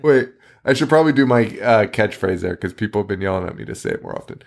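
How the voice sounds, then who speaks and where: Lively-voiced man recapping a film. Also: lowish voice, fast, creaky. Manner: laughing often, swearing, rambling with restarts. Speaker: podcast host. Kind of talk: casual movie recap.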